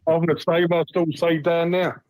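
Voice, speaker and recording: A man's voice: on the high side, flat delivery, moderate pace, darkish tone, dry recording, low-quality recording. A man calling into a live fan show, talking in a rambling, frank way and swearing freely. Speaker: caller. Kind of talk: phone-in chat.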